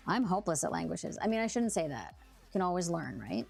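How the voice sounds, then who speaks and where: A woman's voice: lowish voice, big pitch swings, brisk, creaky, darkish tone, slightly rough, soft background music. A young woman from Canada hosting a sewing livestream, chatting casually with viewers and laughing often as she thinks aloud. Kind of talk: casual chat while sewing, reading viewer comments.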